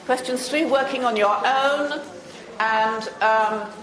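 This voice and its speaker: A woman from Britain leading a teacher-training workshop, asking the audience quiz questions and briskly confirming their answers. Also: a little high, a bit bright. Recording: echoey room.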